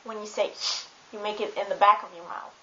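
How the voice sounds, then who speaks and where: A woman who speaks German natively, giving a casual spoken pronunciation lesson, relaxed and hesitant with many ums and uhs. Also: medium pitch, fast. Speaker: German tutor. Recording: roomy, dull home recording with hiss.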